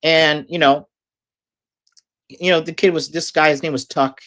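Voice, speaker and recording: A man's voice: a little high, fairly even intonation, measured pace, a bit bright. A man telling a long, casual story, rambling and swearing heavily with lots of fillers. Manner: profane, rambling, filler-heavy.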